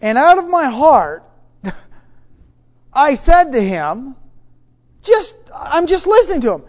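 A man preaching, telling a story with many restarts, swinging from hushed to loud. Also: very high voice, sing-song, unhurried, pauses often. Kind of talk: sermon storytelling.

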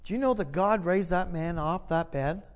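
A man's voice: sits high, moderate pace. A man preaching a sermon, telling a personal story and then rising into impassioned calls to believe. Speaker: pastor. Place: church. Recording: long church reverb.

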